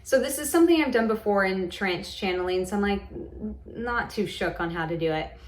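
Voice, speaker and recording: A woman's voice: mid-range voice, animated, a little fast, reverberant. A woman casually telling a personal story to camera, rambling, with lots of "like" and "um" and frequent restarts. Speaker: vlogger recounting a hypnosis session.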